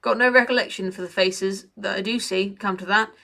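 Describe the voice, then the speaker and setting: A woman's voice: medium pitch, fairly even intonation, a little fast, creaky, pushed and bright. A woman voicing a frightened male cart driver who rambles nervously with jittery laughs. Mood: babbling nervously.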